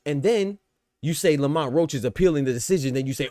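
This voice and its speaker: A man's voice: a little high, fairly quick, no room sound, studio quality. Slangy American man riffing on boxing. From United States. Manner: streetwise slang, rhetorical questions, repetitive emphasis. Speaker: boxing podcast host. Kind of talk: casual livestream commentary.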